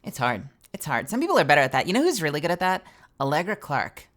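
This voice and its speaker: A woman voice actor chatting casually on a live stream, animated, swearing freely and explaining voice acting to her viewers. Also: low voice, quick pace.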